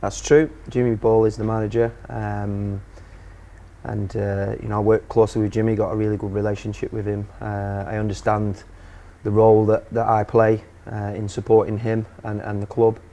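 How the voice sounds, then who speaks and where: A man's voice: on the low side, moderate pace, gravelly, muffled recording. A man, a guest chatting casually about his work in football. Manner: relaxed, conversational, says "me" for "my". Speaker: studio guest. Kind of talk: casual interview chat.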